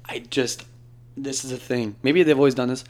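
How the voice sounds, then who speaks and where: A young man co-hosting a casual podcast, animated and jokey, tossing in playful impressions. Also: mid-range voice, moderate pace. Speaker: podcast co-host.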